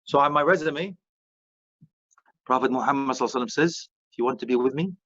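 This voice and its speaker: A middle-aged man giving a lively sermon, joking and dropping in phrases. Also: medium pitch, fast, no room sound, muffled recording. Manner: animated, joking, mixes Arabic phrases. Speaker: Islamic preacher.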